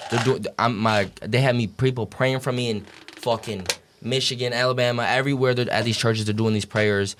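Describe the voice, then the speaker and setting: A man's voice: fairly low pitch, fairly bright tone. A young man telling a story as a podcast guest, casual and profane, packed with "like" and "dude".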